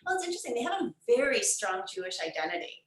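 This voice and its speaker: Animated New woman, high and roomy. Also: rapid-fire. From New York. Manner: animated, acts out quoted voices. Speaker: guest. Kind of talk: casual interview chat.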